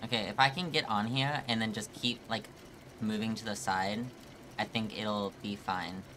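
Swearing, bright-voiced male game streamer. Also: fairly low pitch, steady tone, moderate pace, a little hiss or hum. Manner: frequent swearing, laughing through frustration; talks to chat, thinking aloud. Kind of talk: live gameplay commentary.

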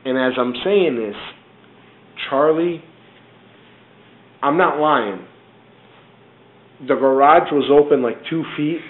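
A man telling a profane, animated story about a neighbor's arrest, acting out the other people's lines. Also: medium pitch, measured pace, pauses often. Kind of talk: profane casual anecdote. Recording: tinny phone-like roomy recording, faint hiss.

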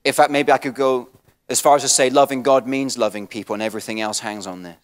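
An English man preaching a sermon as pastor, swinging from soft and low to loud and passionate, often repeating and restarting words. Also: steady tone, quick pace, in a large hall. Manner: restarts and repeats words, self-deprecating asides.

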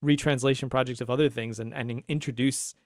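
Man, podcast co-host, casual chat, rambling, animated, dry sound. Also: mid-range voice, fast talker, dry recording. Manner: animated, rambling, frequent restarts and laughs. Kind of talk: casual panel discussion.

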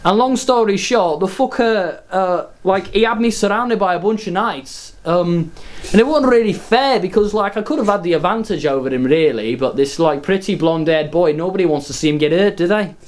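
A man's voice: sits high, normal speed. A man doing a sweary Liverpool dad. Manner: swearing, rambling, chatty. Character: crude working-class northern English dad, lord. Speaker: comedian in character. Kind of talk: comic monologue in character.

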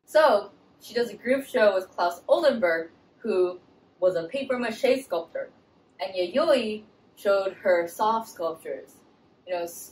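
A woman telling a comic story in an irreverent, animated way. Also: mid-range voice, roomy sound, distant mic, slight background noise, poor audio. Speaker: comedian storyteller.

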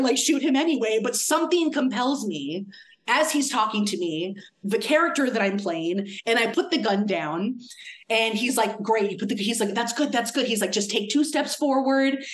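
Animated woman telling a story. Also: a little high. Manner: animated, laughs often, acts out quoted voices. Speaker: academic speaker. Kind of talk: casual storytelling talk.

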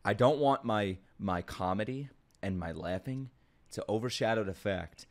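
A young man casually reacting to an anime, excitable, laughing and swearing, with loud bursts. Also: lowish voice, moderate pace.

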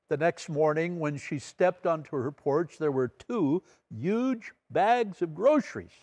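A male pastor giving a measured midweek Bible study, telling stories and reading scripture aloud. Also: a little high, lively intonation, a little mellow, no echo.

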